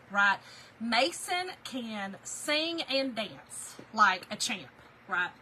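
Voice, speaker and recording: A woman's voice: fairly high pitch, bright, forceful tone, slight background noise, rough recording. A middle-aged woman, chatting folksily while she crafts, laughing often and answering viewer comments. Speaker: craft livestream host. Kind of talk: casual livestream chat while crafting.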